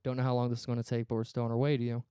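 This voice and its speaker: Man telling a story with a mellow voice. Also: mid-range voice, rapid-fire, clear, resonant tone, dry recording, clean studio sound. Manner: profane, animated retelling with quoted dialogue. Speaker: podcast co-host. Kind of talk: casual storytelling.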